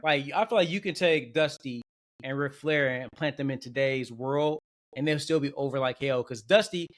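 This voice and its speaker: A man co-hosting a podcast, chatting casually and telling stories with lively acted-out quotes. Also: medium pitch, moderate pace. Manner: animated storyteller who jumps into exaggerated quotes. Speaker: podcast co-host. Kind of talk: casual chat.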